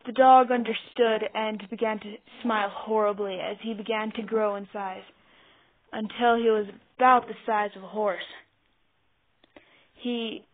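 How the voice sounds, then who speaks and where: A woman reading a fan fiction story aloud, halting and restarting over words, on a tinny phone-like mic. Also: mid-range voice. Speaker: narrator.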